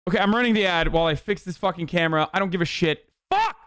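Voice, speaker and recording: In a slightly bright, smooth voice with clean studio sound and no room echo, a man rants heatedly through livestream political commentary. He swears constantly, talks rapidly, and mocks his chat sarcastically in a high voice.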